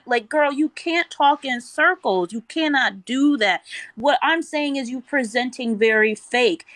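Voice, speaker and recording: A woman's voice: on the high side, normal speed, dry recording. Blunt, confrontational woman on a dry mic. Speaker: TikTok live guest. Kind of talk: casual live-stream argument.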